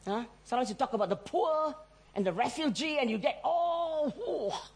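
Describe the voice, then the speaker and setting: Animated woman preaching with a higher voice. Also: normal speed. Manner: animated storytelling, acts out quoted voices, laughs often. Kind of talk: sermon.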